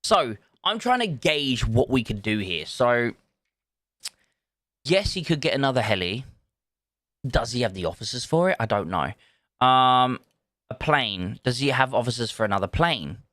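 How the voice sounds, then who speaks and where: A man's voice: medium pitch, very animated, measured pace, pauses often, a bit bright, no echo, studio quality. A man, chatting casually on a live stream, thinking aloud and greeting viewers from chat. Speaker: livestreamer.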